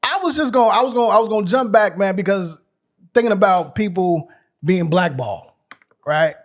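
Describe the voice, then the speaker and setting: A man's voice: high-pitched, expressive, brisk. A man co-hosting a casual sports podcast, laid-back as he runs through figures and opinions. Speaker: podcast co-host.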